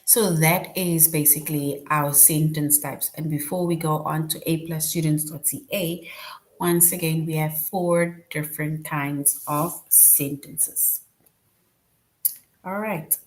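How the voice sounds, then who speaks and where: Patient woman teaching grammar, low voice. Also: steady tone, takes it slowly. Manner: explains patiently, often checks with "right?". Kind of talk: online grammar lesson.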